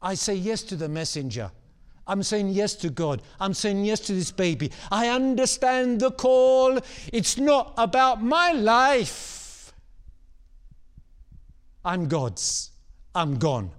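A male preacher speaking as a young woman who gives herself over to God, fervent and rising to shouts. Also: high voice, very animated, takes it slowly, clear, resonant tone, heavily acted. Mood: devoted.

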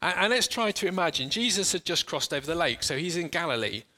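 Guy preaching, bright fairly high voice, earnest, keeps restarting his sentences, slows down for the imagery bits. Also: big pitch swings. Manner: earnest, halting, with frequent restarts. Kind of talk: sermon with guided imagination.

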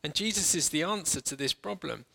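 A man preaching a sermon and leading listeners through a guided imagination exercise, earnest and halting, with frequent restarts, slowing and softening for the imagery. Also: fairly high pitch, gravelly.

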